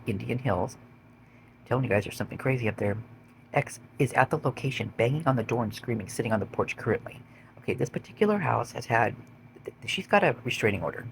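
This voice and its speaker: A man's voice: medium pitch, expressive, brisk, vocal fry, slight background noise. A man reading out police call logs and adding blunt, swearing commentary of his own. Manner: blunt, swears when indignant. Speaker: vlogger.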